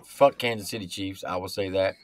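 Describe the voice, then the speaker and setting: A man's voice: deep voice, steady tone, brisk, background noise. A man, co-hosting a livestream music show in a teasing, joking way. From Louisiana, USA. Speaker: co-host. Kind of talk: casual livestream banter.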